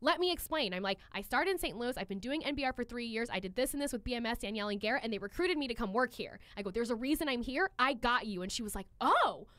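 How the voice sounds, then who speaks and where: A young woman hairstylist chatting casually, a blunt, animated storyteller who acts out her clients' lines. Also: fairly high pitch, fast talker, hardly any pauses, dry recording. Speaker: hairstylist and podcast co-host. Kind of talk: casual chat.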